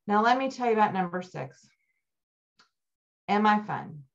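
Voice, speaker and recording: A middle-aged woman giving a motivational keynote talk, telling stories with animated energy and climbing high when excited. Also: unhurried, creaky. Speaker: keynote speaker. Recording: dull lo-fi recording.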